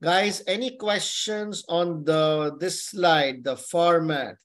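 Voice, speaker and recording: Male tutor, webinar lecture, slow and deliberate, repeats points. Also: a little high, fairly bright tone. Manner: repeats key points, checks in with "okay?". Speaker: exam tutor. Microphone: webinar microphone.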